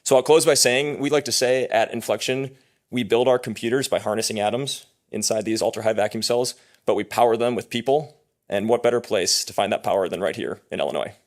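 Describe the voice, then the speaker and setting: A man's voice: lowish voice, brisk. A man, a company executive, giving earnest, emphatic closing remarks at a press conference. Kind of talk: prepared press conference speech.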